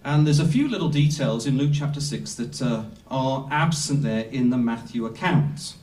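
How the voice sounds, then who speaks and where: A man preaching a sermon slowly and emphatically, with dramatic pauses for weight. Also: mid-range voice, expressive, darkish tone, far from the mic. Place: Bible school hall. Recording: echoey room, speaker off-mic.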